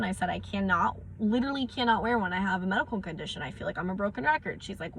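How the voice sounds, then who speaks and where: A young woman ranting in a personal vlog, frustrated and close to tears. She tells her story in quick bursts, acting out each exchange. Her voice sits at an ordinary middle pitch, with a faint hiss of noise behind it. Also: expressive, a bit bright. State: near tears. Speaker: vlogger. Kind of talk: emotional personal vlog rant.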